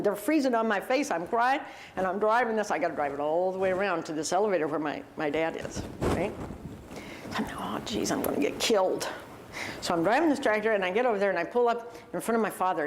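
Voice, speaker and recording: Animated woman telling a farm story. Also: medium pitch, a little hiss or hum. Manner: vivid, animated storyteller acting out quoted speech. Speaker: university president giving a talk. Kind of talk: personal storytelling talk to an audience.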